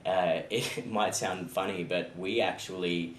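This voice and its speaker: A man's voice: low-pitched, steady tone, a little slow. A young Australian man, an actor being interviewed, answering casually and easygoingly with frequent ums. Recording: echoey room with faint noise.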